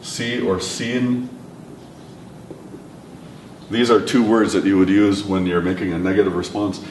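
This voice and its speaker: Low-voiced man teaching in an echoey room. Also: steady tone, darkish tone. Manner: patient, repeats words slowly for learners. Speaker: language instructor. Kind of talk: classroom lesson. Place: classroom or lecture room. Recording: echoey room, mic at a distance, faint rumble.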